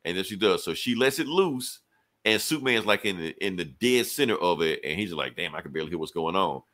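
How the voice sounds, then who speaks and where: Lively man retelling a comic plot. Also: deep voice. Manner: animated storytelling, casual profanity, quick quoted dialogue. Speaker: podcast co-host reviewing comics.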